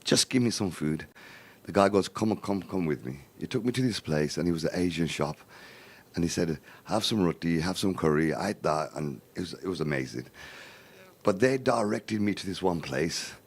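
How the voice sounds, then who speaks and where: A middle-aged man recounts his own life story on a live charity appeal. His voice sits very low. He jumps into the voices of the people he quotes and keeps tucking little verbal tics into the telling. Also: normal speed, breathy edge. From Birmingham, England. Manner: animated storyteller, acts out quoted dialogue, repeats "right, in here".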